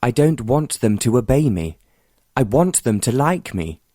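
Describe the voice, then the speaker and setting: A man voicing a mild, wry former naval officer, an earl who stays calm and stubborn in a romance audiobook. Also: medium pitch, measured pace, no room sound, clean studio sound, pitched above the performer's own voice.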